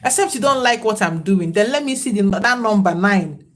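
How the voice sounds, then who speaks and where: A woman hosts a livestream and talks in a casual, reflective way. Her voice sits at an ordinary middle pitch. She sounds preachy and speaks straight to the people watching. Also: lively intonation, a little fast. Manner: reflective, preachy, greets viewers by name. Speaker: livestream host.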